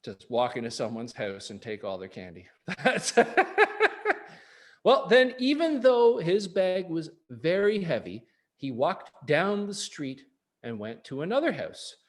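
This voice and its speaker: Animated man reading to kids. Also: on the high side, slow pace. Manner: chuckling asides. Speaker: early-years program reader. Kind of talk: reading a picture book aloud to children.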